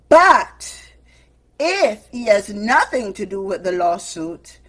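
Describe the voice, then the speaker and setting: A middle-aged woman hosting a livestream, chatting casually and telling stories, acting out the lines she and others said. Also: mid-range voice. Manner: chatty storytelling, acts out her own and others' quoted lines. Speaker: livestream host.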